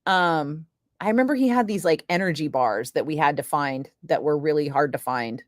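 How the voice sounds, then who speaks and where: A woman's voice: low voice, normal speed, no room sound. Chatty woman radio DJ, dry sound. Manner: rambling, chatty, many filler words. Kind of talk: casual on-air storytelling chat. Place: radio studio.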